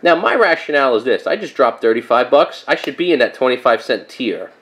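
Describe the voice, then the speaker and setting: A man in his thirties talking casually and rambling through a comic book haul, with lots of fillers and animated asides. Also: mid-range voice, brisk. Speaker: comic collector vlogger.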